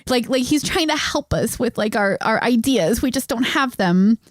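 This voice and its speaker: Animated woman podcast co-host. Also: fairly high pitch, normal speed, no room sound, clean studio sound. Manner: animated, laughs easily, many fillers. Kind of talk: casual podcast chat.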